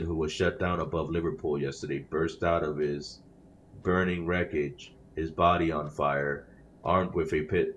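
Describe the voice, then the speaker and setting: A man's voice: deep voice, a little hiss or hum. A man playing a game, reading in-game newspapers aloud with casual comments, often stumbling over words and correcting himself mid-sentence. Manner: self-conscious about reading aloud. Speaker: gamer playing a game on his channel.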